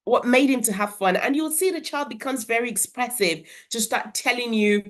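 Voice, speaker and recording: A woman's voice: on the high side, moderate pace. A woman educator, giving earnest instructional advice to parents about reading and talking with their children. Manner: earnest, explanatory, with brief demonstrations of character voices.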